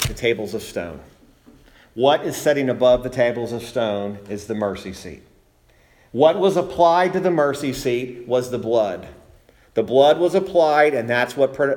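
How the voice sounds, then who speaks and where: A male pastor preaching a sermon, rising emphatically on key points and asking rhetorical questions, then slowing down to read scripture. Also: mid-range voice, a little mellow. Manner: reads scripture aloud in a slow, measured way.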